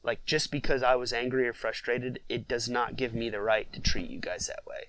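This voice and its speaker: Conversational dad telling a family story. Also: male voice, mid-range voice, fairly even intonation, normal speed, a bit bright, a little hiss or hum, rough recording. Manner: conversational, many fillers, reflective storytelling. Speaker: podcast guest, father of six. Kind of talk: casual storytelling interview.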